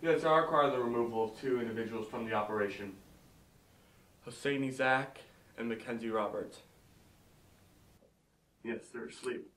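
A man's voice: mid-range voice, normal speed, long pauses, a bit bright, far from the mic, natural voice. A man playing a composed operator who keeps a hidden world under watch, recorded in an echoey room away from the mic. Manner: level, composed, businesslike. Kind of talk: amateur short film acting.

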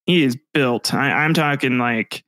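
A young man narrating as game master, casual and halting, breaking into laughs. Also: mid-range voice, pushed and bright, no echo. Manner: casual, halting, laughs at his own descriptions.

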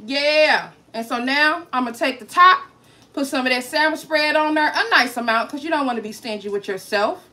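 A woman's voice: high-pitched, normal speed, sharp tone. A woman hosting a casual cooking livestream, chatty and playful, talking straight to her viewers and joking as she goes. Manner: playful, swears and jokes.

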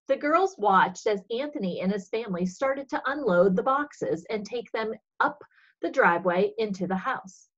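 A woman reading a children's story aloud for religious education, expressive and husky. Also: mid-range voice, normal speed, lo-fi sound.

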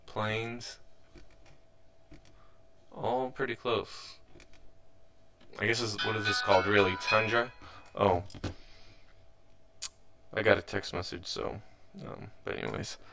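A man's voice: fairly low pitch, sharp tone. A young man hosting a let's play, giving rambling, casual commentary as he plays, often restarting his sentences and sounding mildly frustrated.

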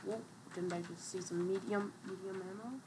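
A woman's voice: medium pitch, steady tone, normal speed, noisy background. A woman giving casual gameplay commentary as a streamer, chatty and trash-talking, with lots of fillers. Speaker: gaming streamer.

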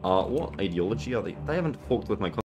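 A man giving casual gameplay commentary, excitable and profane, with sudden loud outbursts. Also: lowish voice, fast, music in the background. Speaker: gaming video creator.

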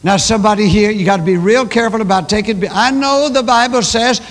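A man's voice: sits high, brisk. An older man preaching a sermon, telling stories with emphatic repetition. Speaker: pastor. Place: large church. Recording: long church hall reverb.

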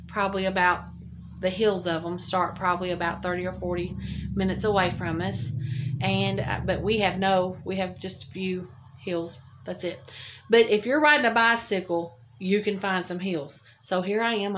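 A woman's voice: mid-range voice, a bit bright, a little hiss or hum. An older woman vlogger telling a rambling, chatty story to her viewers and laughing at her own jokes. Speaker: homesteading vlogger.

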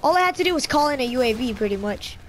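Woman, gameplay commentary, excitable, trash-talking, sudden yelps, slightly high voice. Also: racing, slight background noise. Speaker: gaming channel host.

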